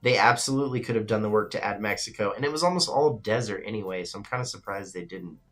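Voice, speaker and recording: This man hosts a live-streamed show, speaking fast in a fairly low voice with faint music in the background. He reads out viewer comments and gives casual, opinionated takes full of swearing.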